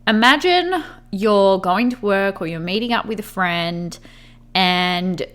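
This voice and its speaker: A woman's voice: mid-range voice, takes it slowly, a bit bright. A woman hosting a podcast in a casual, chatty way, saying "like" a lot and acting out what friends might say. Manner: chatty, fills speech with "like"; acts out imagined friends' voices. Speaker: podcast host.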